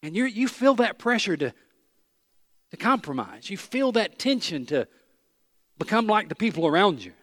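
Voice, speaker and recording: Animated preacher man. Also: high-pitched, moderate pace, long pauses, no echo, studio quality. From East Tennessee. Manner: animated storytelling, self-deprecating humor, emphatic repetition. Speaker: pastor. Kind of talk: sermon.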